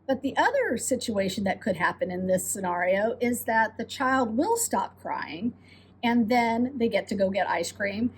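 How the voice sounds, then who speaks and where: Earnest woman swim instructor, higher voice. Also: animated, measured pace, breathy edge, low-quality recording. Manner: earnest, encouraging, speaks directly to parents. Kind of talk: advice talk to parents.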